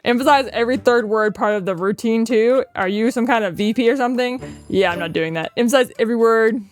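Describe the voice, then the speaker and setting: A woman plays a video game and reacts in excitable, casual commentary, swearing and joking along the way. Her voice is fairly high. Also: fast talker, soft background music. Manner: excitable, swearing, laughing, mock-imitating. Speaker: gaming streamer. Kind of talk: casual let's play commentary.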